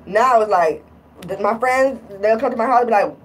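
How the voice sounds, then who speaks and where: A woman's voice: a little high, moderate pace, distant mic, slight background noise, low-quality recording. A woman talking casually in a vlog, irritated and rambling, often repeating herself. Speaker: vlogger.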